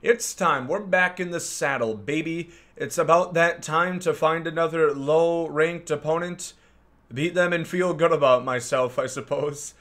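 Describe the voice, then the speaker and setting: Hosting a gaming channel, a man gives casual, joking commentary over his gameplay in a fairly high, unhurried voice. He rambles through sarcastic asides and shouts at big plays.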